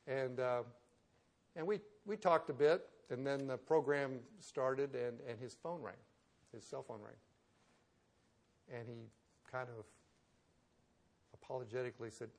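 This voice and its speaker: A male pastor delivering a sermon with a gravelly edge to his voice, his pitch sitting in an ordinary middle range. He tells stories in a relaxed, conversational way and then presses his points with emphatic force. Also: a little slow, long pauses. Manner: conversational storytelling that builds to emphatic preaching.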